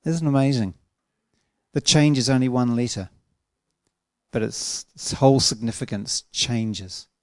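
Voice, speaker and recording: A man preaching a sermon in an earnest, emphatic way, slowing down to stretch out key words. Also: medium pitch, darkish tone, no room sound, clean studio sound.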